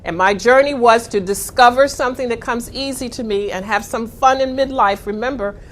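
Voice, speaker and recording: A middle-aged woman giving a motivational talk, telling a story with dramatic pauses. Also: fairly high pitch. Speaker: speaker.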